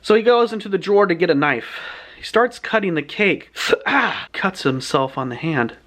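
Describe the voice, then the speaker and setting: Animated man retelling a story. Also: sits high. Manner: animated, chatty, quick retelling. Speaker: book reviewer.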